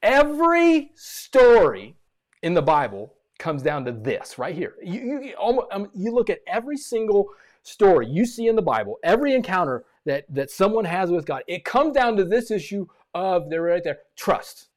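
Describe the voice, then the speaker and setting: A man preaching a sermon as pastor, animated and repeating phrases for emphasis. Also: high-pitched, normal speed.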